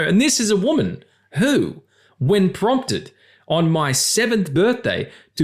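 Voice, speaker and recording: Man, podcast co-host, casual and sweary, animated delivery. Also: sits high, takes it slowly. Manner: sweary, jokey, laughs often. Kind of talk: casual chat.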